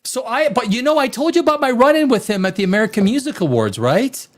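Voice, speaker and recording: A man hosting a rowdy live stream, loud and rambling, swearing and reading chat comments aloud, a little tipsy from wine. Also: very high-pitched, quick pace. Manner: animated, swings between shouting and muttering. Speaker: live show host.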